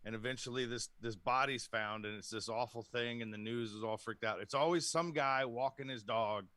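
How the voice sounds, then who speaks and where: A man's voice: medium pitch, normal speed, pushed and bright, no echo. A man co-hosting a casual podcast chat, telling a long rambling story and laughing often. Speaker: podcast co-host.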